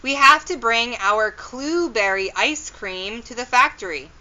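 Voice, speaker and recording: A woman's voice: on the high side, animated, a little slow, pushed and bright, dull audio, heavily acted. A woman voicing a careful, practical young girl in a children's storybook read-aloud, cautious in tone.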